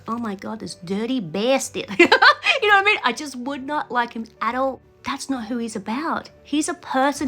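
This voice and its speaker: Woman vlogger reacting to a reality show, chatty and opinionated, laughs a lot, bit high-pitched, faint music behind. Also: sharp tone. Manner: chatty and opinionated, laughs often, acts out what she'd say. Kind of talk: casual reaction commentary to camera.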